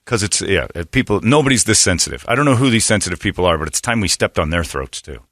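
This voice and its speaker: Brash middle-aged male radio host, lively ranting delivery, bright tone, dry close mic. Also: low voice, no echo. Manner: brash, ranting, quick to mock, slips into put-on voices. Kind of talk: opinionated morning radio talk.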